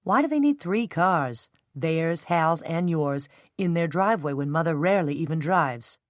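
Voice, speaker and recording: A woman's voice: low voice, animated, normal speed, dry recording, studio quality. A woman doing a nonchalant, teasing man. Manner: nonchalant, mischievous. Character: teasing confident man, playful schemer.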